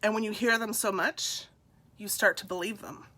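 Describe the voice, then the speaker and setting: Her mid-range voice holds a steady tone, pushed and bright. This congested middle-aged woman recounts a personal story on a live stream, slow and heartfelt, confiding in viewers and greeting them by name.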